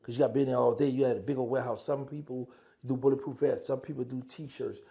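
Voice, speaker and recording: Gravelly man telling prison stories. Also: medium pitch, fast talker. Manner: animated, acts out phone calls in dialogue. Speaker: former prisoner telling his story. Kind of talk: casual storytelling.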